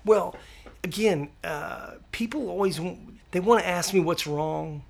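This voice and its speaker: Gravelly-voiced man telling lively stories. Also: high voice, measured pace. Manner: animated storyteller, lots of restarts and acted-out quotes. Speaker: podcast guest. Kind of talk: casual interview chat.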